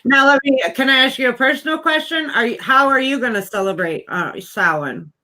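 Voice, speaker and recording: A woman's voice: sits high, a little fast, bright, forceful tone. A woman hosting a casual chat, easygoing, hesitant and self-deprecating. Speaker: host.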